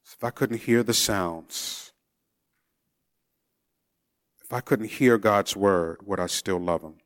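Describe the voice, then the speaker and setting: Slow, reflective male preacher. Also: on the low side, clear, resonant tone. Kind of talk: sermon.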